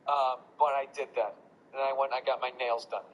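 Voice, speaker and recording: A man hosting a podcast, telling a story in casual chat, profane and animated as he rants. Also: medium pitch, moderate pace, a little hiss or hum, rough recording. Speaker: podcast host.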